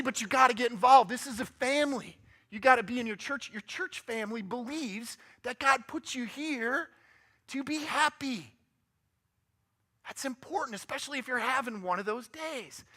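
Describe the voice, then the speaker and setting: A man's voice: extremely high pitch, moderate pace, bright, forceful tone. A man giving a motivational guest talk in church, upbeat and joking, often asking the audience questions. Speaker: guest speaker. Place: church sanctuary.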